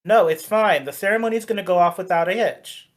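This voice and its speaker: A weary burger joint manager who grumbles and mutters his way through a phone call and his gripes about his pay, as a game master puts him on. His voice sits at an ordinary middle pitch. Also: a little fast, close to an everyday voice. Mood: grumbling.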